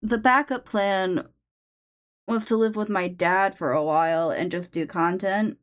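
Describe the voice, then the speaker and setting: A young woman streamer talks casually to her viewers as she works on a drawing, in a middle-pitched voice. She takes her time over each sentence, laughs often, and swears in an offhand way. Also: a little slow.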